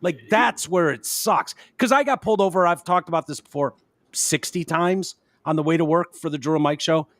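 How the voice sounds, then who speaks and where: Male podcast host, a bit higher than most, animated with mocking impressions, casual chat. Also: brisk, no echo, studio quality.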